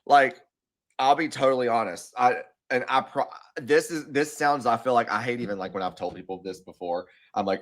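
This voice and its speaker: A man chatting casually as a podcast guest, telling stories with lots of fillers, restarts and animated asides. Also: medium pitch, normal speed. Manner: rambling, animated storytelling with many fillers and restarts. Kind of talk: casual chat.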